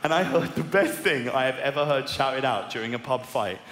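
Posh young English comedian, animated stage delivery. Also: male voice, normal speed. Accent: posh southern English. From England. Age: 20s. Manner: animated, self-mocking, with sudden high squeaky outbursts. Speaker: stand-up comedian. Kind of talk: stand-up comedy routine. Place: large arena on stage. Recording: live arena recording with long reverb and crowd noise.

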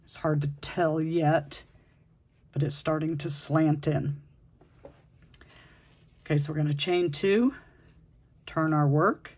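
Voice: mid-range voice, steady tone, takes it slowly, pauses often, darkish tone, breathy edge. A crochet instructor talking through a project step by step, patiently counting stitches aloud while working. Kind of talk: step-by-step crafting tutorial.

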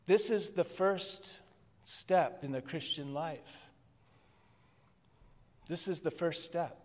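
A man preaching to his congregation in a relaxed, conversational way, breaking into soft laughs now and then. His voice sits a little high. Long reverb from the church hall trails behind his words. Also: very slow, long pauses. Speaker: pastor. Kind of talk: sermon. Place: church worship service.

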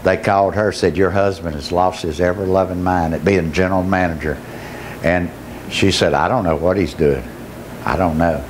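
Impassioned pastor giving testimony. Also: male voice, low voice, slight background noise. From Georgia, US. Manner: emotional storytelling, rising to shouts. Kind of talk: testimony sermon.

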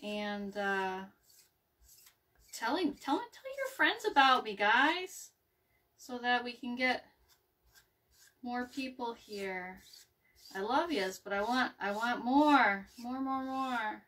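A woman chats slowly through a home craft session, rambling and restarting with plenty of ums. Her voice is bright and a bit sharp. She sits somewhat back from the microphone. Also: fairly high pitch, expressive, distant mic. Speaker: craft video host. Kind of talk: casual live craft chat. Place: home craft table, indoors.

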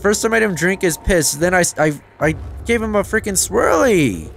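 A man giving casual let's-play commentary, excitable, talking to himself and swearing, with sudden yelps of surprise. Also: sits high, moderate pace, gravelly, few pauses, faint music behind. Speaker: gameplay commentator.

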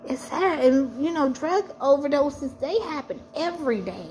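Woman, high voice, personal testimony, earnest, emphatic repetition. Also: lively intonation, unhurried, few pauses, a little mellow, a little hiss or hum. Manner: earnest and emphatic, repeating phrases for stress. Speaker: person sharing her faith testimony.

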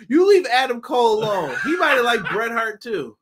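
A man hosting a casual wrestling review chat, animated and joking, with a slangy manner. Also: extremely high pitch, brisk, slightly rough. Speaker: podcast host.

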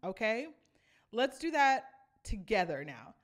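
An enthusiastic woman teaching a singing lesson, her speaking voice fairly high and full of swoops. She talks students through vocal runs and breaks into sung phrases to show them. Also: very animated, measured pace. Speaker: vocal coach.

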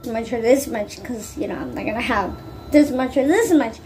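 A woman talks casually to her viewers in a high voice, wandering from one aside to the next. Her speech is loose and full of fillers. A faint hum of ambience sits behind her. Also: moderate pace, darkish tone. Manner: rambling, many fillers and asides. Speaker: vlogger. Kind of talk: casual chat to camera.

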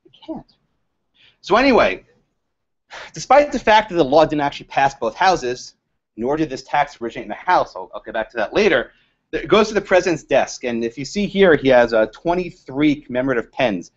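A man giving a lively, joking law lecture to a live audience, quizzing the room and laughing at his own jokes. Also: fairly high pitch, brisk. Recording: dull lo-fi lecture recording.

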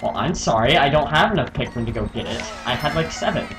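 A man's voice: mid-range voice, animated, quick pace, a bit bright, rough recording. A man bantering through a co-op game, laughing a lot and pushing back when his partner criticizes him. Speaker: co-op gameplay commentator. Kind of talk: casual gameplay chat. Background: game music.

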